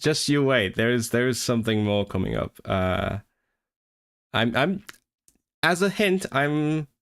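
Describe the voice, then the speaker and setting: A man, a Cantonese speaker, chatting casually on a livestream, talking in bursts with many restarts. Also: medium pitch. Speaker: language streamer.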